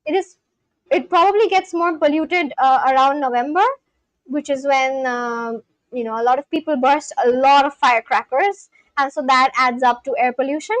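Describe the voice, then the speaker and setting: Woman, high voice, dry sound, loose streaming chat with lots of restarts. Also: moderate pace, no echo. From India. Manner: thinks aloud, answers chat questions, repeats practice phrases with many restarts. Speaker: livestreamer learning a language. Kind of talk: casual live-stream chat.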